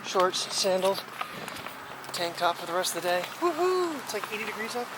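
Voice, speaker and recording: With wind, leaves and passing cars clearly heard in the background, a daily vlogger strolls a puppy around a breezy park playground and talks playfully to it on a phone recording. The voice is mid-range, normal in speed, with big pitch swings.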